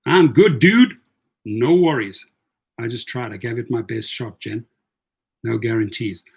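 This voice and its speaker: A man coaching rideshare drivers in a casual livestream. He talks in a chatty, rambling way, picks up viewer comments and often repeats words as he thinks. His voice sits in an ordinary middle pitch. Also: measured pace, creaky, a little mellow, husky. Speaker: rideshare coach answering live chat.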